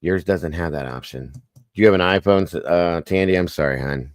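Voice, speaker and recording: A man's voice: deep voice, normal speed, smooth. A man hosting a casual livestream, chatting and greeting viewers by name one after another. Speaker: livestream host.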